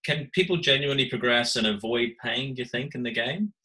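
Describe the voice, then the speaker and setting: A man's voice: medium pitch, a little fast, pushed and bright, low-quality recording. A man interviewing a guest, asking long, chatty, rambling questions.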